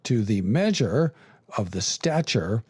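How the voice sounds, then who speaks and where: A man hosting a podcast, teaching through a scripture passage in a measured, halting way with many fillers and restarts. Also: lowish voice, very animated, a little mellow, husky, no room sound, studio quality. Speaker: podcast host and theology teacher.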